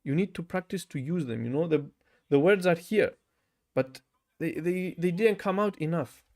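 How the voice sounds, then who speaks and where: Young guy w german accent, kinda high voice, livestream chatting to camera, says bro a lot, laughs, repeats phrases. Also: animated, normal speed. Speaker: language learner livestreaming. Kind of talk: casual livestream chat reading comments. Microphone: camera mic.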